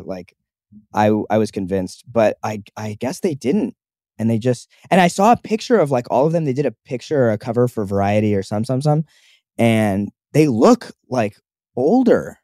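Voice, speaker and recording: A man's voice: fairly low pitch, animated, moderate pace, dark tone, dry recording, studio quality. A young man co-hosting a casual chat show, rambling with lots of fillers and restarts. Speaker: podcast co-host.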